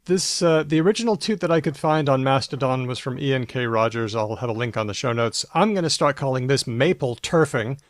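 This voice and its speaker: A man's voice: mid-range voice, animated, a little fast, hardly any pauses, dry recording, clean studio sound. A man co-hosting a casual language podcast, chatty and explanatory, reading out news items with asides. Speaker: podcast co-host.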